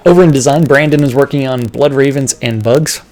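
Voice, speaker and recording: Livestream host, a man of average pitch running through a team update list. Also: a little mellow, faint music behind. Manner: brisk list-reading, breaking into laughing banter.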